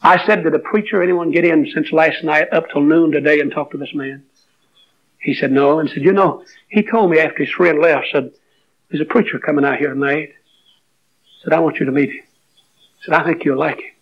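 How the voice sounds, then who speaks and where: Male preacher, high-pitched, moves from emotional storytelling to fervent exhortation; dull lo-fi recording. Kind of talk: sermon.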